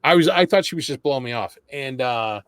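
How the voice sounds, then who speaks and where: A man's voice: mid-range voice, animated, brisk, fairly bright tone, smooth, no echo, studio quality. A man hosting a podcast, chatting casually and telling self-deprecating stories. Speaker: podcast host. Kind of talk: casual interview chat.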